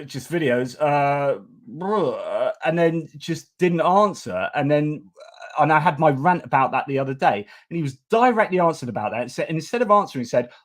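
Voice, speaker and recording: Excitable man ranting. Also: fairly high pitch. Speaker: host. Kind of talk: animated commentary.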